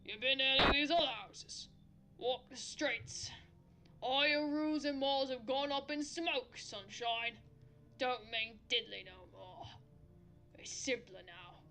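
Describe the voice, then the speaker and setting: A woman's voice: high-pitched, measured pace, bright, forceful tone, exaggerated voice. Woman doing a swaggering street thug. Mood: gloating menace. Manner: menacing, swaggering slang. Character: rough streetwise male thug, gloating. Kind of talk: game voice acting.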